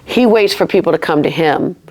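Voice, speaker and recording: A woman appearing as a podcast guest shares her personal faith testimony in casual conversation, earnest and reflective, often restarting her sentences. Her voice is on the low side and darkish, and she talks a little fast.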